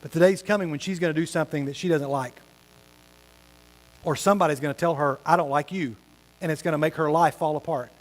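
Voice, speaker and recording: A man's voice: a little high, steady tone, fast. A man preaching a sermon as pastor, telling stories animatedly and acting out the voices of the people he quotes. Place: church hall with tables. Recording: long hall reverb.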